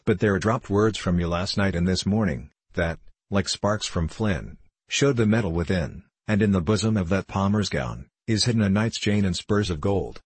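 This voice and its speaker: A man's voice: low-pitched, expressive, husky, dry recording. A man reading as a humble, pleading merchant. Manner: pleading, earnest, hurried. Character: anxious pleading male merchant, humble and eager. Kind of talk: audiobook character voice.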